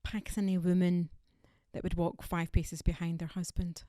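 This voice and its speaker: A woman's voice: on the low side, level tone, normal speed, mellow, dry recording, studio quality. A woman from Scotland, performing a wry, punchy stand-up comedy set. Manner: wry, punchy delivery with quoted voices.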